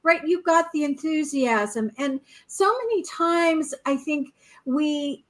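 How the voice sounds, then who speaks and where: A woman co-hosting a casual spiritual podcast, reading oracle cards in an encouraging, animated way. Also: high-pitched, slow, rough recording. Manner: encouraging, animated, acts out little quotes.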